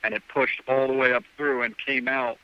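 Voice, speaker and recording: A man's voice: mid-range voice, little pitch movement, normal speed, clean tone, no echo, dull audio. A man as a podcast guest, telling a rambling story and acting out the dialogue with "I'm like" quotes. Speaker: guest hunter. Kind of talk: casual storytelling.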